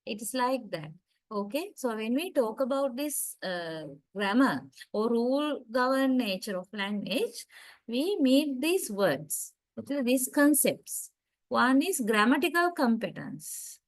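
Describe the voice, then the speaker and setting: A female lecturer teaches an online university class over a video call, explaining slowly and deliberately and often checking in with "right?" and "uh" to see if students follow. Her slightly high voice has big pitch swings as she moves unhurriedly between points, and the recording quality is low.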